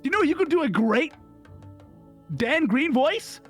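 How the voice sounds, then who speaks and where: Raspy, high, lively streamer guest, joking and quick to leap into voices, faint music underneath. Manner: excitable and joking, slips into character voices. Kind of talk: casual chat on a live stream.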